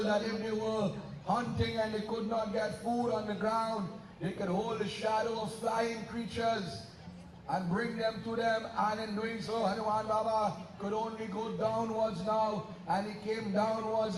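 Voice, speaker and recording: A man's voice: high-pitched, a little hiss or hum. A man narrating a devotional story at a Ramleela, speaking emphatically and asking the audience questions. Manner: emphatic, rhetorical, addresses the audience. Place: outdoor Ramleela stage over loudspeakers. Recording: echoey, from far off, music behind.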